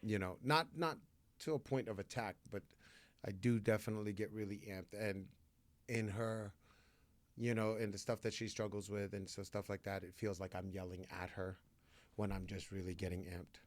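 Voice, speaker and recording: A man hosting a candid podcast conversation, his voice sitting low as he tells his story with blunt, profane directness. The sound is close and dry, with no room around it. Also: fairly even intonation, normal speed, no echo. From New Jersey. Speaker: podcast host. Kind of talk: candid recovery podcast talk.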